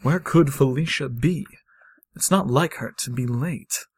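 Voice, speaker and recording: A man voicing a brooding, lonely widowed professor in a low, weary murmur. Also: unhurried, breathy edge, no room sound.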